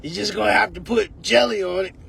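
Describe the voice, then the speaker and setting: A man voicing a bossy older woman with a deep, aggressive tone. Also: a little fast, a bit bright, slight background noise, full character voice. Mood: gruff. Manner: deep gruff scolding tone.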